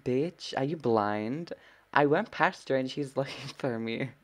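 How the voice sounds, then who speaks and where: Sassy, lively trash-talking gamer. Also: medium pitch, unhurried. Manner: sassy trash talk with frequent swearing; dramatic gasps and exclamations. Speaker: gameplay streamer. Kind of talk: live gameplay commentary.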